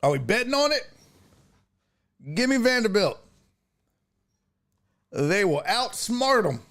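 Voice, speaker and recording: A man from Texas hosting a relaxed sports chat stream, thanking followers and answering viewer comments as he goes. His pitch sits a bit high for a man and swings widely, rising and falling all the time. He takes his time, speaking at an unhurried pace with a teasing edge. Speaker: sports talk show host.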